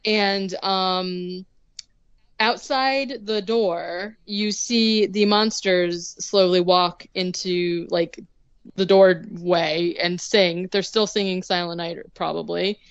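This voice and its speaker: A woman's voice: lowish voice, fairly even intonation, takes it slowly, smooth, no room sound, muffled recording. A young woman casually recapping a movie on a podcast, sarcastic and rambling, full of "like" and the odd swear word.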